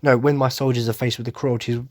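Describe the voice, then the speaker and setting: A man doing an impression of a fierce, rousing army commander, bellowing slow, drawn-out battle cries. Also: mid-range voice, level tone, darkish tone, no room sound, studio quality, natural voice.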